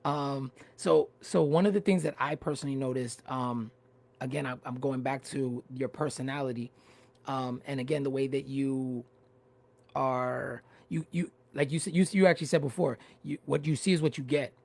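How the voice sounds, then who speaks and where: A man hosting a livestreamed interview, asking long, halting questions full of restarts. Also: medium pitch, fairly even intonation, creaky. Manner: halting, many fillers and restarts, easygoing. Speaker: host. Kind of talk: casual interview. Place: home, livestream.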